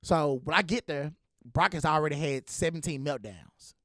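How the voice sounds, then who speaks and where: A young man hosting a podcast, telling stories in a casual, animated way and acting out the voices of the people he quotes. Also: a little high, moderate pace, no echo, studio quality. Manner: animated, acts out quoted voices, laughs often. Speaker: podcast host. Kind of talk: casual storytelling chat.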